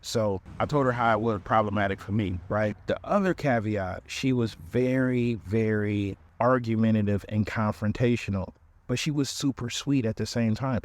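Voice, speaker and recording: A male podcast host telling a comic dating story in an animated, conversational way, acting out the voices he quotes. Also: lowish voice, normal speed.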